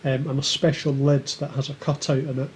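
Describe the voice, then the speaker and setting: A man's voice: mid-range voice, little pitch movement, a little fast, slight background noise. Hesitant man in a casual livestream chat. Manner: hesitant, with many filler ums. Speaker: co-host of a maker livestream.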